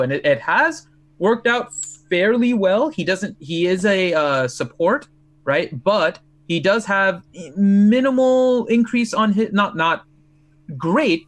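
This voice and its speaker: A man's voice: fairly high pitch, fairly bright tone. A man on a casual gaming stream, explaining strategy step by step. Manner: explanatory, talks through strategy.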